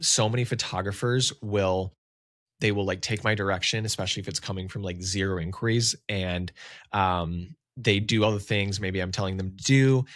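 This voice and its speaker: A man talking casually as a business coach on a solo podcast, with lively emphasis. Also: fairly low pitch, no room sound, clean studio sound. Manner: casual, conversational, animated emphasis.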